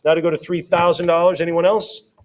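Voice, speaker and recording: A man working as an auctioneer at a live sale, rattling off rising bids in quick repeated calls and breaking off for friendly asides about the items. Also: a little high, flat delivery, lo-fi sound. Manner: rapid repetitive bid calling with chatty asides.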